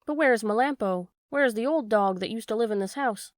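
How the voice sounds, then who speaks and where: A woman's voice: fairly high pitch, brisk, no echo, lightly acted. Woman reading a sweet-voiced weasel, sly, coaxing, storybook, dry close sound.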